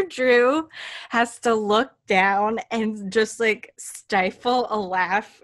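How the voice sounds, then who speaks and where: Unhurried woman podcast host. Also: fairly high pitch. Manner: laughs while telling anecdotes, emphatic asides. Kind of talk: casual chat.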